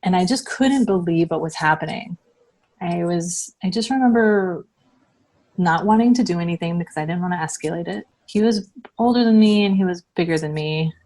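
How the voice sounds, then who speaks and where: A woman from the United States telling her own story as an interview guest, halting and full of restarts. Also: fairly low pitch, a little mellow. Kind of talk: personal recounting.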